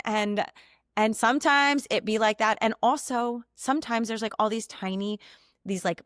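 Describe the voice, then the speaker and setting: A woman's voice: medium pitch, fairly bright tone, dry recording, clean studio sound. A woman in her thirties hosting a podcast from home, talking in a chatty, heartfelt way with lots of "like". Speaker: podcast host and coach. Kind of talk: casual personal monologue. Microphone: desk mic.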